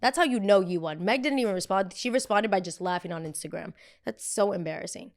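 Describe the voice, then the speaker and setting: Brief: young woman podcast host, casual gossip chat, blunt, animated, average pitch. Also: quick pace. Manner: animated, gossipy and blunt, with frequent quoted voices. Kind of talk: casual pop culture chat.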